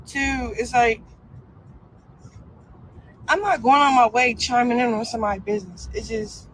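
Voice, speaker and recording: A young woman rants on a live stream, defiant and profane and full of fillers, in a casual tone. Her voice is a little high at a normal speed, and the rough recording has a bit of hiss or hum.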